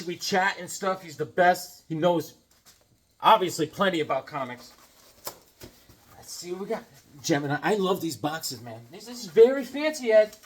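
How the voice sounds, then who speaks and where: Rambling, jokey man with a high voice. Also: breathy edge. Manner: rambling, jokey, repeats himself. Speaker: comic book vlogger. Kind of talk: casual unboxing chat.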